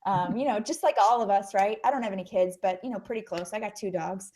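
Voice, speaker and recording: A woman's voice: medium pitch, fast, dark tone, slight background noise. A woman hosting an online group call, introducing a guest in a chatty, upbeat way with lots of fillers. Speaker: host.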